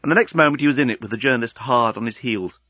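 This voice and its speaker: A man with a husky voice, reading a story aloud as narrator with expressive storytelling. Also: very fast, no room sound, dull audio. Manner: expressive storytelling with wide swings in pitch. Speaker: audiobook narrator. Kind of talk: scripted narration.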